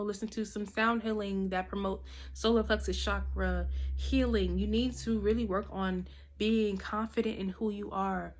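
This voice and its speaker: A woman doing a casual tarot reading to camera. She talks directly and coaches her listeners, peppering her advice with slang, casual swearing and a checking-in "okay?". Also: mid-range voice. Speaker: tarot reader.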